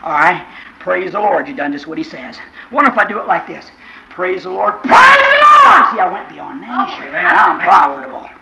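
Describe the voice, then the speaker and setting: A man preaching a sermon to a congregation, fervent, dropping to quiet asides and then crying out in shouts, with questions thrown to the listeners. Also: a little high, expressive, a little fast, gravelly, noisy background.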